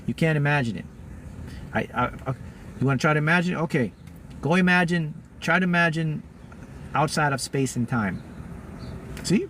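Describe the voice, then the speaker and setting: A man teaching manifesting to a live audience in an emphatic, repetitive style, often jumping into loud, high-pitched bursts. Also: moderate pace, pauses often, a little hiss or hum. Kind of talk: motivational talk to a live audience.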